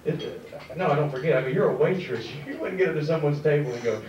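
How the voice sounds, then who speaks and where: Brash stand-up comic in his thirties. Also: fairly high pitch. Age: 30s. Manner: brash, rapid storytelling with quick asides to the crowd. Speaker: stand-up comedian. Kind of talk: stand-up comedy set. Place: comedy club stage before a laughing audience. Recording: dull, echoey club recording from a distance, loud crowd and laughter.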